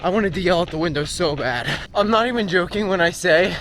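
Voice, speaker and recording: A young vlogger training for a marathon chats casually into a handheld camera while jogging on the road for his running vlog. His voice sits high and sounds animated, a little fast, and fairly bright. Wind and passing traffic come through as faint outdoor noise.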